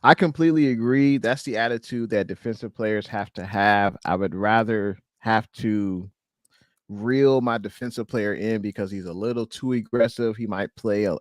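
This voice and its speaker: A man's voice: lowish voice, no echo, studio quality. Laid-back man hosting a sports stream. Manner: relaxed, loose talk with fillers, reads out chat names. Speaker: podcast host. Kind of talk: casual sports chat on a live stream.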